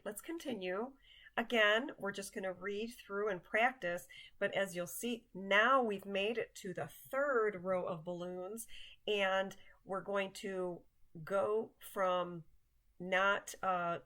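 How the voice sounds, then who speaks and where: Woman teacher for a vocabulary drill, very slow and deliberate, repeats each word with care, mid-pitched. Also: fairly bright tone. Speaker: language teacher.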